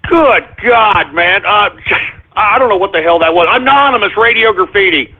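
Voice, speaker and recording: A man's voice: high voice, animated, normal speed. A man hosting a call-in radio show, ranting and swearing in an exasperated tone. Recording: tinny phone-like line.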